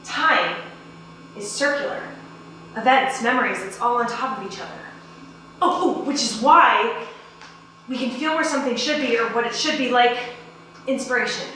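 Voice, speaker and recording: Woman acting out a playful ghost lady, breezy and lecturing, slightly high voice, echoey stage heard from far off. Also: moderate pace, long pauses, a little hiss or hum. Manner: breezy, lecturing, then hushed and hypnotic. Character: playful dreamy ghost woman, self-styled genius. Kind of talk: stage play performance. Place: small theater stage. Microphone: distant room mic.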